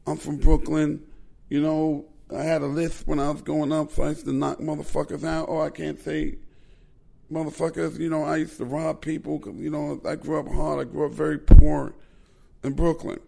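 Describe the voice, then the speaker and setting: A man putting on a high-pitched, lisping boxer who brags in loud street talk about growing up tough in Brooklyn. The voice sits well above the man's own gravelly register. It comes across as a comic impression within a podcast story. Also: flat delivery, normal speed. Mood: boastful.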